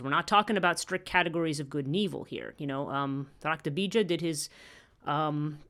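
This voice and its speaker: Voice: medium pitch, fairly bright tone. A teacher giving a podcast lecture in a rambling way, with frequent fillers and restarts.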